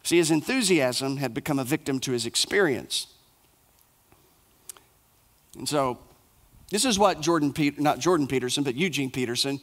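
A male pastor preaching a sermon in short, repeated, emphatic phrases, dropping soft and low for the somber passages. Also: expressive, normal speed, long pauses.

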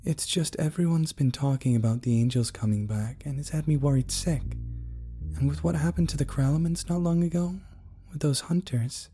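A woman's voice: low-pitched, moderate pace, warm tone, slight background noise, voice pushed up, lightly acted. A man voicing a nervous, antsy green-skinned mother who talks from behind a door and edges toward panic.

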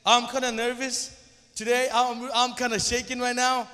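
A man's voice: extremely high pitch, completely flat delivery, normal speed, sharp tone, long reverb tail. A young man whose first language is Zomi, preaching as guest pastor in English, hesitant, with many stumbles and restarts. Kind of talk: church sermon.

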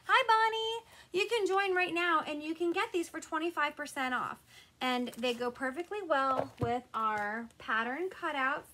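A woman's voice: high-pitched, bright, forceful tone. A woman hosting a live crafting stream, chatting casually and greeting her viewers by name.

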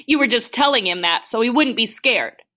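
A woman's voice: mid-range voice, expressive, normal speed, slightly rough, pitched above the performer's own voice. A woman voicing a blunt, angry teenage boy who speaks in a raised, urgent, pleading way. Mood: upset.

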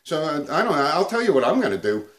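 A man's voice: on the high side, very animated, fast. A man hosting a comedic guitar video, ranting crudely and swearing nonstop. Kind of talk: profane comedic rant to camera.

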